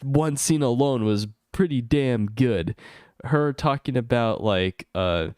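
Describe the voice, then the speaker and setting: A man streaming an unscripted rant about a video game, exasperated and swearing often, his voice climbing high whenever he gets heated. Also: darkish tone, clean tone, no echo, studio quality. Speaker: gaming streamer. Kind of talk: unscripted ranting stream commentary.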